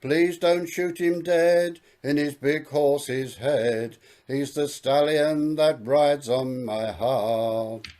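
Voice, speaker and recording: A man's voice: fairly high pitch, steady tone, very slow, hardly any pauses, darkish tone. A man singing as a lovestruck young daughter. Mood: pleading. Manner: sung pleading lines. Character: young woman in love, pleading with her father. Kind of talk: comic song.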